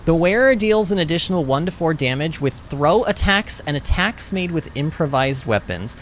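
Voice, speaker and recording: A man's voice: fairly high pitch, animated, moderate pace, few pauses, slight background noise. A man casually chatting as he streams a game, reading chat aloud and laughing often. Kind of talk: casual gaming commentary.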